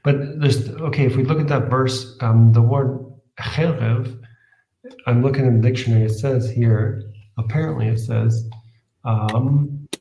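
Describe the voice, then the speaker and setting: A man's voice: medium pitch, steady tone, a little slow, mellow, echoey room, slight background noise, poor audio. A man co-hosting a Bible study stream, hesitant and looking things up as he talks. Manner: hesitant, reads from a dictionary, many restarts. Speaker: co-host in a Bible reading stream. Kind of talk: casual study discussion.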